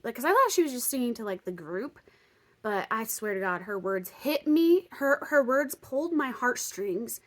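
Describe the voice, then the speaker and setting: A young woman vlogger telling a story casually, chatty with lots of fillers, dropping to whispers and bursting into excitement. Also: a little high, normal speed. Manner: chatty, lots of "like" and "um", swings between excited outbursts and hushed whispers.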